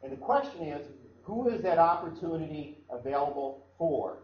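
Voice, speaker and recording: A man's voice: a little high, expressive, moderate pace. A man from Iowa preaching a sermon in a conversational way, often repeating and restarting his phrases. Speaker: pastor. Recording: echoey room, dull sound, faint background noise.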